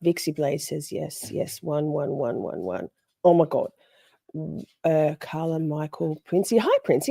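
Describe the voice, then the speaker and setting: A woman's voice: deep voice, animated, a little slow, vocal fry, mellow, dry recording. A woman hosting a casual livestream, rambling chattily and greeting viewers by name. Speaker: livestream host.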